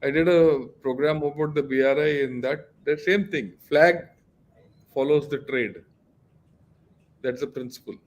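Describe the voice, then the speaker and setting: A man's voice: on the high side, a little slow, long pauses, highs cut off. An older man, a retired general, giving analysis in a casual talk with a lecturing, emphatic manner and many fillers. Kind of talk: casual discussion.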